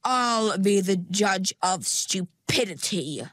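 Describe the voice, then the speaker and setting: A woman reading puts on a controlling mer-woman from a storybook. Her voice drips slow and sweet, patronizing and a little louder than the narration. The sound is dry and close. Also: mid-range voice, dry recording, close to an everyday voice. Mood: sugary menace. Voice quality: syrupy, drawn-out and sweet. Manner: patronizing, with sugary pet names.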